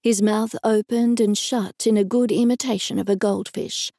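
An Australian woman narrates a cozy mystery audiobook in an even, first-person storytelling voice. Her tone is mellow and dark with a gravelly fry, recorded dry and close. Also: mid-range voice, normal speed, no echo. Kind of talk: scripted narration.

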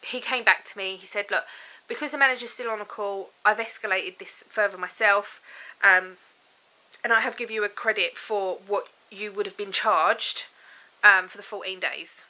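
Young woman, vlogger, bright sharp voice, mid pitch, exasperated ramble. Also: steady tone, moderate pace, poor audio. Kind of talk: casual vlog chat. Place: home, indoors.

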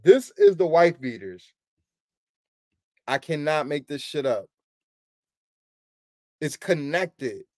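A man hosting a sneaker channel, chatting casually with his viewers in animated slangy banter and laughing often. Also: fairly high pitch, slow pace, long pauses, no echo, studio quality. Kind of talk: casual streaming chat.

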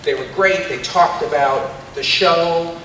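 Voice actor on a panel, animated storyteller, distant mic in an echoey hall. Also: male voice, on the high side, a little slow. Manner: animated, laughing anecdotes. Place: large convention hall. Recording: echoey hall from far off, faint noise.

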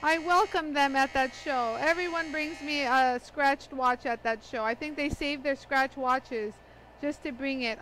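A woman's voice: sits high, unhurried, a bit bright, a little hiss or hum, poor audio. A woman hosting a live product demonstration, chatty and laughing often as she greets viewers by name. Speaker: livestream demo host.

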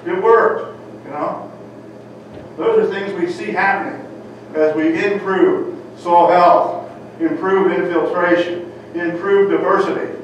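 An older man from Ohio, giving a folksy talk as a farmer and telling stories with a lot of "you know". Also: sits high. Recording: echoey hall, distant mic, dull and noisy.

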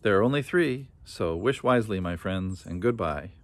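A man's voice: lowish voice, lively intonation, moderate pace, lightly acted. A man voicing a grateful, cheeky male imp in a storybook reading. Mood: playful.

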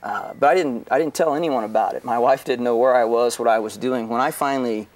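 A middle-aged man of ordinary pitch tells a painful family story as a pastor. He is earnest and halting, often restarting his sentences. He sits a bit back from the microphone. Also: far from the mic. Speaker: pastor, guest author. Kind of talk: emotional personal testimony.

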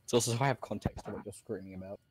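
A man's voice: lowish voice, fairly even intonation, racing, slightly rough, dry recording. A young man playing a game with friends, teasing and joking in casual chat, often restarting his words. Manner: playful, teasing, stammering restarts. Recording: faint background noise.

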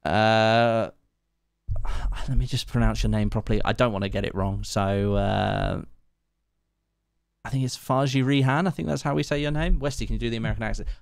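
Guy on a game stream, bit low voice, dry close sound, chatty, thanking chat. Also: moderate pace, vocal fry, clear, resonant tone, no echo. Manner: chatty, thanks viewers one by one, laughs often. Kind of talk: casual live-stream chat while gaming.

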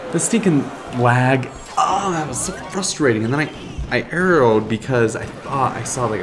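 A man giving excitable live commentary on his own mobile game matches, talking to viewers and taunting his opponent. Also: fairly low pitch. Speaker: gaming YouTuber.

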